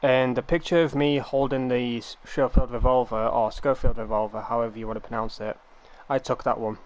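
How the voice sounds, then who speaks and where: Rambling young streamer. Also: male voice, medium pitch, steady tone, fairly quick. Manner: rambling, meandering explanations. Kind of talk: casual live-stream chat.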